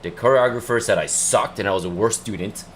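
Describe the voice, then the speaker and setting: A man hosting a casual livestream, talking in an excited, rambling way and often repeating himself. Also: on the low side, fairly quick, a little hiss or hum. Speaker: livestream host. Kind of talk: casual chat.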